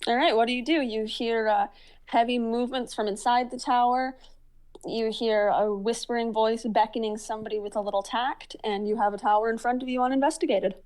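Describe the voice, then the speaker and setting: A woman narrating a tabletop role-playing game as game master, descriptive and halting with fillers. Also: on the high side, steady tone, darkish tone, low-quality recording.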